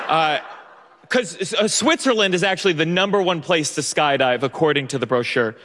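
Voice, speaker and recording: A man's voice: a little high, animated, fairly quick, a bit bright. A young man telling a personal story on stage, nervous and self-mocking, with many restarts and laughs. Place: stage before an audience. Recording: long stage reverb.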